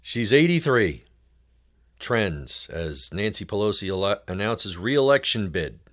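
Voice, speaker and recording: A man hosting his own talk show, delivering political commentary in a sarcastic, needling tone. His voice sits fairly low, and he keeps turning to his listeners to call them folks. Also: very animated, unhurried, a bit bright. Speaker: show host.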